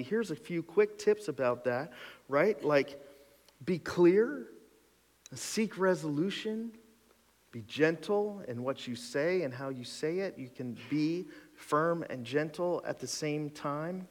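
A male pastor preaching a sermon in a conversational, emphatic way, counting off numbered points, in a church sanctuary. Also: fairly high pitch. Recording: long hall reverb.

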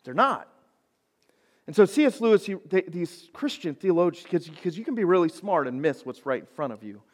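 A man preaching a sermon to high schoolers in a church, animated and conversational, often laughing at himself. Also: a little fast. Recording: long hall reverb.

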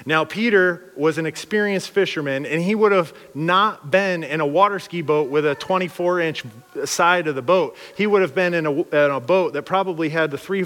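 A man's voice: a little high, fairly bright tone, in a large hall. A man preaching a sermon in a casual, slangy way, acting out voices of the people he talks about. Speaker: pastor.

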